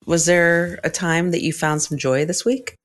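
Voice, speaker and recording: A woman hosting a podcast, a clinical social worker, chatting casually with dry, deadpan teasing. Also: lowish voice, unhurried. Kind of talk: casual chat.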